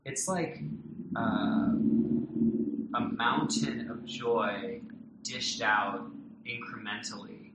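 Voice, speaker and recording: A man talking warmly and at length about his young daughter, tender and rambling with many restarts and fillers. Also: medium pitch, very slow, pauses often, echoey room, heavy background noise. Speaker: parent being interviewed. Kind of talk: casual heartfelt conversation. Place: home in a loud neighborhood.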